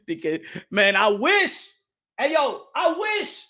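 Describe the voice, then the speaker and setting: Man, boxing stream host, casual chat, high voice, laughs a lot, repeats words. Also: a little slow. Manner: animated, repeats himself, laughs often, slips into Spanish.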